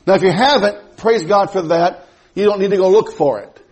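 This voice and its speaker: A man's voice: high voice, moderate pace, darkish tone, husky. A male preacher giving a teaching sermon in church, folksy and emphatic, with joking asides to the congregation.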